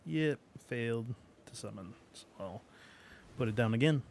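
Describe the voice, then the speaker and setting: A man streaming a game, chatting casually while he plays, rambling along with fillers and soft laughs. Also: mid-range voice, expressive, normal speed, creaky, slight background noise. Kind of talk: casual gameplay commentary.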